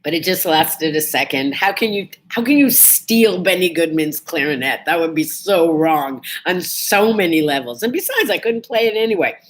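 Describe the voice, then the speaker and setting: A woman hosting a casual morning vlog, telling a personal story in a chatty, animated way and feeling a bit under the weather. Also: on the low side, normal speed, hardly any pauses, a little hiss or hum. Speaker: vlog host.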